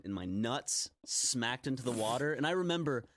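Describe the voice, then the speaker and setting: A man's voice: medium pitch, animated, moderate pace, no room sound, studio quality. A man in a rambling, joking casual chat while gaming. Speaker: co-host.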